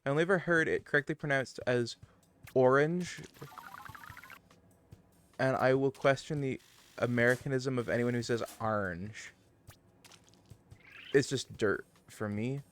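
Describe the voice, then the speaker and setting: A talkative man hosts his live game stream, chatting loosely and wandering from thought to thought. His voice sits at an ordinary middle pitch. Soft game music plays quietly underneath. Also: a little slow, pauses often. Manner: chatty, digressive, muses about pronunciation. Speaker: livestream gamer. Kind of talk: casual chat to stream viewers.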